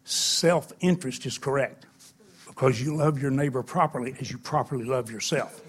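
An older man preaching with a husky, breathy voice. His sermon moves from loud, drawn-out emphasis to hushed, intimate storytelling, with his pitch sitting in a middle range.

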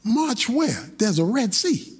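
A man preaching a sermon, impassioned and rhythmic, building into shouted passages. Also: extremely high pitch, big pitch swings, slow.

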